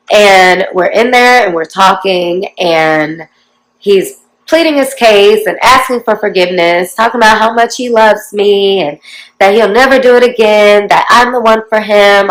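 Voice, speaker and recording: A woman's voice: mid-range voice, rough recording. A woman in her forties telling her life story to her viewers in a chatty, confiding way, often talking straight to them. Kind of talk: casual storytelling to camera.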